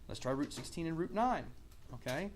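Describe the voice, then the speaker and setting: A man teaches a classroom math lesson, his voice sitting a little high for a man. He keeps asking the class questions and echoing their answers back, with a faint hiss in the recording. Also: expressive, moderate pace. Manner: coughs and clears throat now and then. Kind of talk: classroom lecture.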